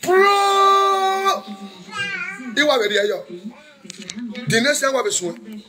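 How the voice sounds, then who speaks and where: A man in an emotional monologue, switching between shouting, pleading apologies and snatches of song, with Pidgin mixed in. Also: high-pitched, expressive, moderate pace, very noisy. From Nigeria. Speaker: social media commentator. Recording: faint music behind.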